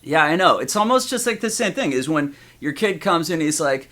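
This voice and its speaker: Bright, lively man co-hosting a podcast. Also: a little high, brisk, hardly any pauses. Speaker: podcast co-host. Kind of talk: casual podcast chat.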